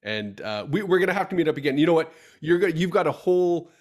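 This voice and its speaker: A man's voice: a little high, expressive, fast talker, darkish tone. A middle-aged man hosting a podcast, telling stories in a chatty way and acting out his own dialogue. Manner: chatty storyteller, acts out quoted dialogue. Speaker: podcast host. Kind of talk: casual podcast conversation.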